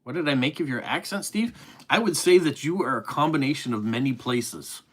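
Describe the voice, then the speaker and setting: A man's voice: mid-range voice, expressive, a little fast, fairly bright tone. A middle-aged man with an East Coast Canadian accent, hosting a casual live stream and reading viewer comments aloud in a friendly, chatty way.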